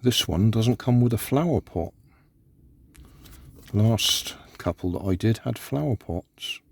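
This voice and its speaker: Man for a laid-back hobby vlog, slow and unhurried, recorded in a parked car. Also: fairly low pitch, lively intonation, gravelly, husky. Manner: slow, unhurried, talking to himself while building. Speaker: vlogger building a toy kit. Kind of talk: casual build commentary. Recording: car interior.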